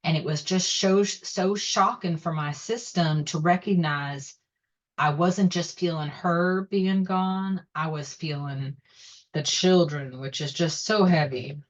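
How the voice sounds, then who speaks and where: A woman psychic host talking straight to her viewers with intense, repetitive urgency, at times leading a slow guided meditation. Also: low voice, lo-fi sound. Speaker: self-styled psychic host. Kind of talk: emotional monologue to camera.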